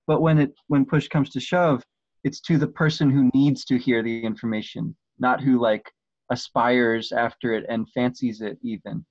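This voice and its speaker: A man chats on a podcast, pausing and filling gaps as he hunts for the right words. His voice comes through a dull, muffled line with a dry, close sound and no room echo. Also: mid-range voice, fairly even intonation, a little mellow. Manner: hesitant, lots of "like" and "um", searching for words. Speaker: podcast co-host. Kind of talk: casual book discussion.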